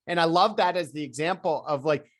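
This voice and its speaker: A man telling business stories as an interview guest, lively and acting out the people he quotes. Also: on the high side, a little fast, no room sound, clean studio sound. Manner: animated storyteller who acts out quoted voices. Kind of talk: storytelling interview chat.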